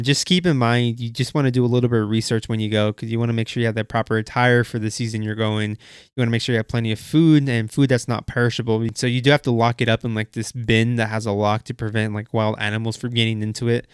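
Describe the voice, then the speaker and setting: A man's voice: medium pitch, clear, resonant tone, no room sound, studio quality. A young man hosting a car vlog, telling a story casually with lots of fillers and quoted asides. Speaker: car channel host.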